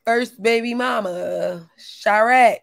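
A woman hosting a livestream, greeting her chat by name and ranting loudly with lots of profanity and laughter. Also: a little high, slow, creaky, no room sound. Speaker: livestream host.

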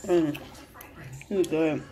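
A woman's voice: low voice, extremely slow, dark tone. A woman chatting casually into a phone camera while eating, laid-back and laughing often, with faint music behind her. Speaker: mukbang vlogger.

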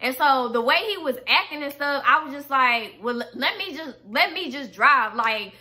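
A young woman vlogger telling a story in a casual, animated, slangy way, swearing freely and acting out her own angry lines. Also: high-pitched, normal speed.

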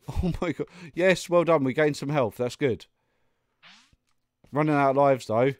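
A man's voice: on the high side, unhurried, long pauses, no echo, clean studio sound. Exasperated man narrating gameplay. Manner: exasperated, muttering, frequent laughs and outbursts. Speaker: gaming YouTuber. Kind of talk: let's play commentary.

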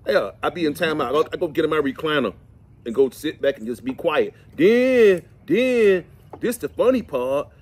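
A middle-aged man, chatting and telling folksy, animated stories to the camera outdoors while cleaning fish. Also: fairly high pitch, moderate pace, breathy edge. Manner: folksy, animated, preachy asides. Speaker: vlog host. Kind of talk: casual storytelling chat.

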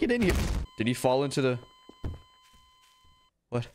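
A man's voice: medium pitch, very animated, a little slow, long pauses, music in the background. A young man giving casual gameplay commentary as a YouTube host, easily startled into yelps and nervous laughs. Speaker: gaming YouTuber.

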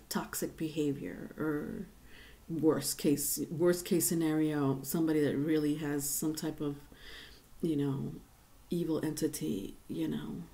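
A woman's voice: sits low, dark tone. A woman giving a casual tarot reading to viewers, rambling and chatty with many fillers and restarts. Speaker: tarot reader.

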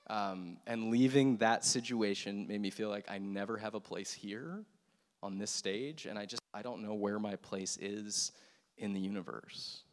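A man in his thirties giving an earnest, reflective personal testimony on a church stage, speaking with soft pauses. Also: lowish voice. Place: large hall with stage. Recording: long hall reverb.

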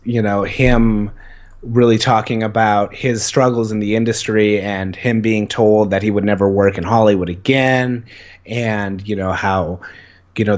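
A young man with a lowish voice, heard on a lo-fi recording, is a guest in an interview. He tells stories in a rambling, eager way, packing in "like" fillers as he chats casually and enthusiastically.

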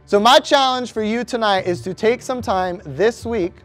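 A man's voice: sits high, moderate pace, fairly bright tone, soft background music. A young man preaching to a youth group, conversational and asking the room questions. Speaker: youth pastor. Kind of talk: youth sermon.

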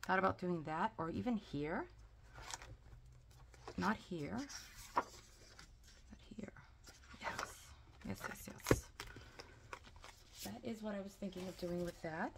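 A woman's voice: fairly low pitch, slow pace, gravelly, pauses often, background noise. A woman chatting casually through a sticker haul unboxing, gushing and talkative, with frequent "like" and "oh". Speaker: planner and sticker vlogger.

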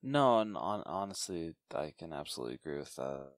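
A man's voice: very deep voice, sing-song, brisk, no room sound, studio quality. A young man co-hosting a podcast, chatting casually and mostly agreeing with short replies. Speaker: podcast co-host. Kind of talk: casual film review chat.

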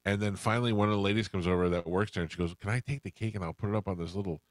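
A middle-aged man hosts a radio show, rambling through a story and playing every person in it. His voice sits very low. The studio sound is dry and close. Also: racing, dry recording. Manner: rambling anecdotes, acts out quoted voices. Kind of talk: casual storytelling chat.

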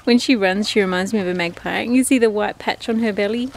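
A woman's voice: mid-range voice, a little fast. A woman filming her ducks in a backyard, chatting casually and affectionately as she narrates. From Australia. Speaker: duck keeper filming her flock. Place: outdoors in a backyard. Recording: faint outdoor background noise.

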